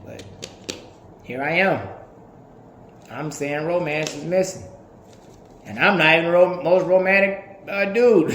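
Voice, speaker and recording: Animated, profane man in his thirties. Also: fairly high pitch, moderate pace, pauses often, echoey room, a little hiss or hum. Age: 30s. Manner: animated, profane, laughing often. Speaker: podcast host. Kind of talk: casual monologue.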